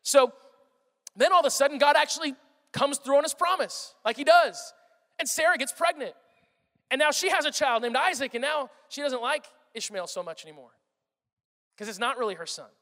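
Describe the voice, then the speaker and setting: A man giving a sermon with animated storytelling, his voice swinging from loud bursts to hushed words. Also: very high-pitched, moderate pace. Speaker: pastor. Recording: long reverb of a large hall.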